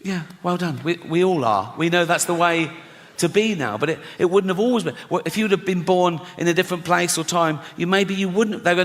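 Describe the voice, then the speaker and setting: A man's voice: a little high, a little fast, fairly bright tone. A middle-aged man doing a stand-up set, sardonic and profane, often laughing at his own jokes and mimicking people. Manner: sardonic, swearing, breaks into laughs, mimics people in silly voices. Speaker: stand-up comedian. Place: large theatre stage with a laughing audience. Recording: long hall reverb, audible crowd noise.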